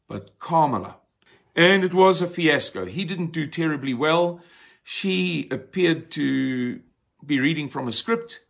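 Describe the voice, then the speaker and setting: Deliberate South African man reviewing news. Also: mid-range voice, a bit bright. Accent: South African English. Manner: deliberate, opinionated, pauses to define terms. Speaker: news commentary host. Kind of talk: weekly news review monologue.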